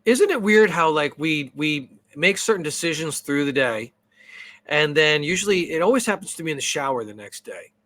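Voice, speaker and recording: A man's voice: fairly high pitch, normal speed. A man co-hosting a podcast in casual chat, telling stories with lots of energy and frequent swearing. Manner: animated storyteller, swears freely. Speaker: podcast co-host.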